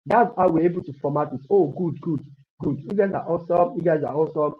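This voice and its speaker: A man with a voice on the high side talks fast while teaching web coding in a live online class, heard through dull lo-fi stream audio. He repeats himself often, encourages the students, and thinks aloud as he types.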